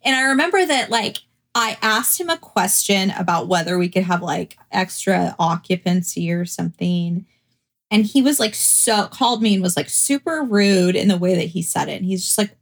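A woman's voice: medium pitch, moderate pace. A woman co-hosting a podcast, telling stories in casual chat with lots of fillers. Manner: chatty, animated storytelling with many fillers. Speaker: podcast co-host; real estate agent.

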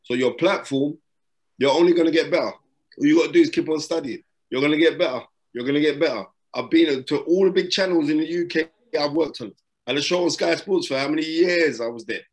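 In an interview recorded from a hotel room during lockdown, a middle-aged man who broadcasts boxing preaches motivational advice, emphatic and repetitive, in street slang. He talks fairly quickly in a fairly high voice.

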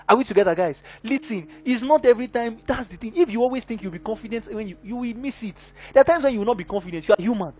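A man preaching in a fairly high voice, emphatic and driving, constantly asking his listeners whether they follow him. He delivers a sermon as a minister, with soft music playing behind him. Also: quick pace, hardly any pauses, husky. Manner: emphatic, keeps checking in with the congregation.

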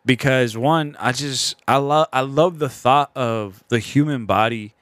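Laid-back young man, smooth clear voice. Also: medium pitch, a little slow, a bit bright, no echo. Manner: laid-back, swears freely, laughs often. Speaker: podcast co-host. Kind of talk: casual chat.

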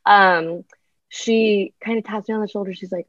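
A woman's voice: medium pitch, fairly even intonation, moderate pace, fairly bright tone, no echo, dull audio. A young adult woman artist talking in a casual interview, chatty and full of ums and likes. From United States. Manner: chatty, many ums and likes, laughs often. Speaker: artist guest.

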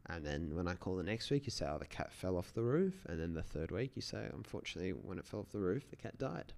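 A man's voice: deep voice, big pitch swings, quick pace, vocal fry, darkish tone, exaggerated voice. A man voicing an upset, indignant man who has just heard bad news from home. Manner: indignant, exclaiming.

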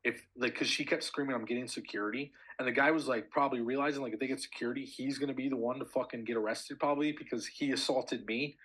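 Husky young man telling a story. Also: medium pitch, steady tone, quick pace, few pauses, fairly bright tone, rough recording. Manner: swears a lot, storytelling with many fillers. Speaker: podcast co-host. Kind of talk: casual chat.

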